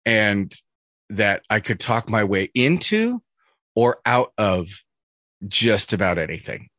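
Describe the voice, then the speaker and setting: A man's voice: lowish voice, big pitch swings, slow, a bit bright, no room sound, studio quality. A man hosting a casual podcast chat, wry and joking with blunt ex-cop humor. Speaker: podcast host.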